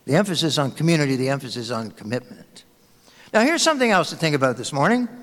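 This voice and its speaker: Pastor, male, sermon: anecdotal and conversational, animated, a little high, in a long-reverb hall. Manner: storytelling, conversational, warm anecdotes.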